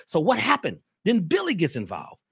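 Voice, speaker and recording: Lively, bright-voiced passionate man. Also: high voice, moderate pace, vocal fry, breathy edge, no room sound, studio quality. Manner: passionate, preacherly, animated. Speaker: guest speaker. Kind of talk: casual chat.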